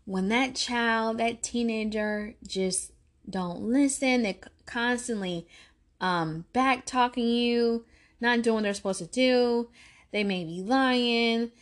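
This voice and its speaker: A woman's voice: fairly high pitch, slow. A woman in her thirties hosting a faith-based parenting talk, earnest and preacherly, repeating phrases for emphasis. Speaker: podcast host.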